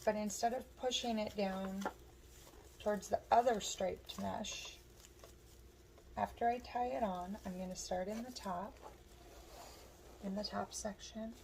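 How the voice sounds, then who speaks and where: A woman whose voice is hoarse talks viewers through a craft project at an unhurried, slow pace, chatting as she works with her hands. A faint background noise sits under the recording. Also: medium pitch, steady tone, a little mellow, low-quality recording. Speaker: craft tutorial host. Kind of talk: step-by-step crafting instruction.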